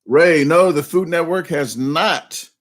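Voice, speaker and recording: A man with a Southern US accent hosting a casual live stream, rambling with lots of fillers and restarts, a little hoarse and coughing. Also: a little high, takes it slowly.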